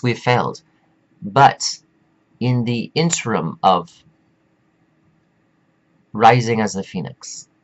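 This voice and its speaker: A man's voice: fairly low pitch, poor audio. A man giving a meandering, preachy spiritual pep talk, stretching out words for emphasis. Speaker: self-help speaker.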